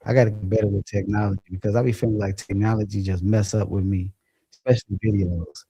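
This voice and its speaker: A man's voice: fairly low pitch, flat delivery, quick pace, highs cut off. A man hosting a casual livestream, chatting loosely and profanely and laughing as he reads viewer comments. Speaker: livestream host. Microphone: phone or computer mic.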